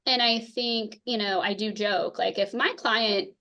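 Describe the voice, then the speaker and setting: A woman in her thirties, a therapist and podcast guest, telling stories quickly and laughing often. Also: medium pitch. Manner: fast, lively storytelling, laughs often. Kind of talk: casual interview conversation.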